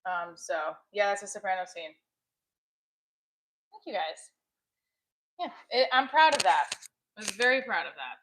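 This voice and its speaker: A woman's voice: medium pitch, expressive, a little slow, pauses often, a bit bright, low-quality recording. A woman, a comedian and actress, chatting on a live stream, thanking viewers and rambling about her shows.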